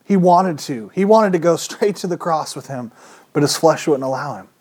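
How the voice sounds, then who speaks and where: A man's voice: on the high side, lively intonation, moderate pace, a little mellow. A man preaching a conversational sermon, emphatic and full of rhetorical questions.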